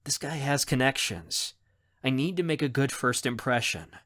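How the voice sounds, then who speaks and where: Audiobook narrator, man, first-person, animated pitch, expressive. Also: moderate pace.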